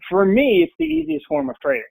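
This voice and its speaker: A man's voice: very high-pitched, big pitch swings, fast talker, gravelly, a little mellow, breathy edge, dry recording, low-quality recording. A man in a casual interview, talking bluntly and with passion about his own trading. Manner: blunt, passionate, mimics people in quotes. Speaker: podcast guest, full-time trader.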